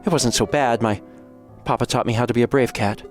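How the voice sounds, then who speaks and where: A man's voice: mid-range voice, a little fast, soft background music, close to an everyday voice. A man voicing a young noble cat girl who is sweet, chatty and naive, talking in a bubbly, breathless way.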